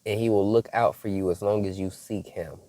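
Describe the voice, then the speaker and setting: A man with a low voice delivers a devotional message straight to his viewers. He preaches emphatically, circling back to the same phrases and asking "okay?" as he goes. The sound is dry and close. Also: fairly even intonation, fairly quick, dark tone, no echo. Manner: emphatic, repeats key phrases, checks in with "okay?". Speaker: prophetic preacher.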